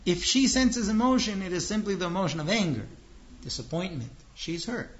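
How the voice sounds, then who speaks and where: A man with a slightly high voice gives a religious lecture. He explains patiently and earnestly, slipping into acted-out dialogues. The recording is dull and lo-fi. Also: animated, fairly quick. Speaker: religious teacher.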